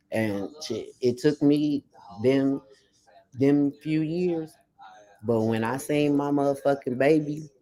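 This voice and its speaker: A woman in casual conversation, telling her own story bluntly, with heavy swearing and acted-out quotes. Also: rumbling low. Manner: blunt, heavily profane storytelling; animated, acts out quoted lines. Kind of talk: casual chat.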